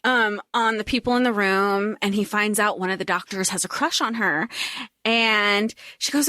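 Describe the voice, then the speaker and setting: A woman's voice: medium pitch, normal speed, dry recording. Giggly woman co-host, dry close sound. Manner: giggly, excited storytelling. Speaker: podcast co-host. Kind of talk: casual book-recap chat.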